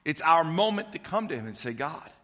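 A man as pastor, calmly closing a sermon and leading the church into response time. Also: on the high side, fairly quick, in a large hall.

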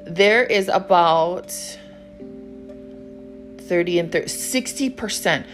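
A woman with a low voice talks on her own podcast in a blunt, profane, casual monologue. Faint music plays behind her. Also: slow pace. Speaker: podcast host.

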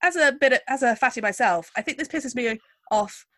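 A woman's voice: on the high side, a little fast, a bit bright, no room sound. A woman hosting a podcast, telling a story in a chatty, wry way with lots of asides. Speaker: podcast host. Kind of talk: casual chat.

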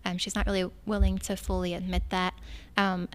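A woman's voice: lowish voice, monotone, fairly quick, clean tone. A young adult woman, a librarian, chatting enthusiastically about books with self-mocking humor. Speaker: librarian and podcast host. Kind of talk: casual chat about books.

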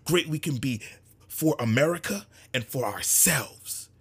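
A man's voice: mid-range voice, lively intonation, unhurried, slightly rough. A man giving an impassioned monologue to his community, fervent and repetitive, swinging between raised emphasis and near-whispers. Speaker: speaker addressing his community.

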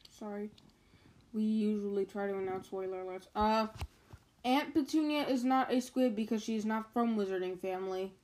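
A woman's voice: mid-range voice, moderate pace, a little mellow, poor audio. A woman reading a children's novel aloud, stopping now and then to chat and answer questions. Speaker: reader.

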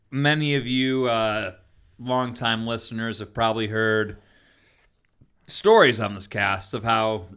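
Bright, forceful podcast man telling stories. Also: fairly low pitch, slow, pauses often, clear, resonant tone. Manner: laughing, animated storyteller who mimics voices. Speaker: podcast co-host and former teacher. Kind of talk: casual storytelling chat.

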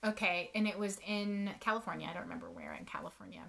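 A woman's voice: mid-range voice, steady tone, quick pace, creaky, a bit bright. A woman author in her thirties co-hosting a casual chat, telling self-mocking stories and laughing often. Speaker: podcast co-host, author.

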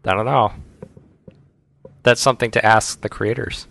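A man's voice: lowish voice, fairly even intonation, normal speed, gravelly, a bit bright. A man co-hosting a casual podcast chat, an enthusiastic fan who breaks into playful sound effects. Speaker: podcast co-host.

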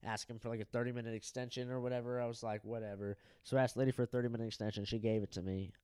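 A young man co-hosting a podcast, telling a crude story in a loose, animated way and acting out the people in it. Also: mid-range voice, rapid-fire, clean tone, no room sound, clean studio sound. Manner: animated, profane, acts out quoted people. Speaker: podcast co-host.

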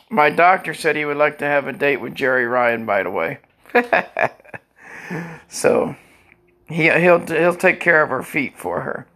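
Gravelly rambling older man with a cough. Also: on the high side. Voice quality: dry cough. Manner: crude, rambling, shout-outs. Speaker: social media vlogger. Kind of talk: rambling casual monologue.

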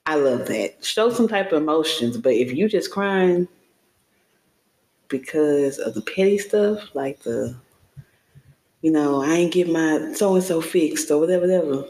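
Lively joking woman co-host, roomy echo. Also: low voice, unhurried, pauses often. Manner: playful, joking, animated storytelling. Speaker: podcast co-host. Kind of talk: casual chat.

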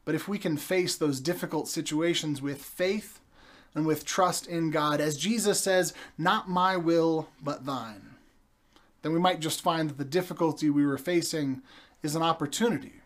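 Man preaching a slow, story-led sermon. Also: on the high side, steady tone.

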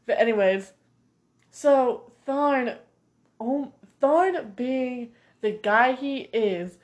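A young woman vlogger chatting casually about a series, animated and gossipy, with sassy asides. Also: sits high, drawn-out words. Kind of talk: casual chat reviewing a series.

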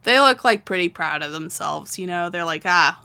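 A woman's voice: on the low side, normal speed, creaky, clear, resonant tone. A young woman in casual chat, animatedly retelling a manga story with lots of laughter and acted-out lines. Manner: animated storytelling, acts out characters' lines, frequent laughter and fillers. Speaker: podcast co-host recapping a manga.

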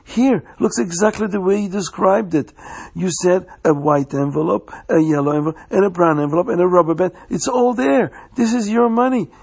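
A man voicing a generous man who hands over his own money, eager and reassuring in a raised, gravelly voice. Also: high voice, normal speed, a little mellow, pitched above the performer's own voice, full character voice.

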